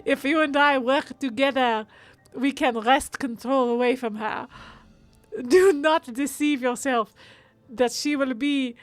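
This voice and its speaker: Girl doing a cheesy french-accent noble voice, all serious then giggly, high and loud. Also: unhurried, dry recording, faint music behind. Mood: mock-grave. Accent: put-on French. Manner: mock-grave, slipping into giggles. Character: hammy French-accented noble at court intrigue. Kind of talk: reading game dialogue aloud for fun.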